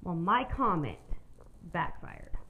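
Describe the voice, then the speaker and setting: A woman's voice: lowish voice, very animated, slow pace, narrow, tinny audio. A woman hosting her own podcast, telling a personal story in a candid, rambling way and swearing freely. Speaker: podcast host.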